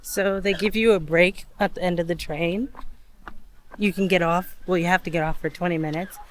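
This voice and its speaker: A woman's voice: fairly low pitch, steady tone, moderate pace. Chatty woman vlogging outdoors. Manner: chatty, rambling, lots of "like". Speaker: travel vlogger. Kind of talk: casual vlog narration. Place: outdoors on a day trip, walking.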